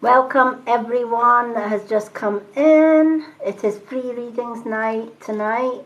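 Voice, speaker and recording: A woman doing live-stream tarot readings, talking calmly and reassuringly and greeting viewers by name. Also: a little high, slow, poor audio. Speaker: tarot reader and medium.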